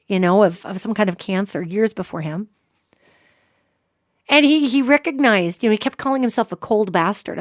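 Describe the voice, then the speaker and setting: A woman's voice: mid-range voice, no echo, studio quality. A woman hosting a psychic radio show, telling a story to her listeners in an emphatic way and checking in with them as she goes.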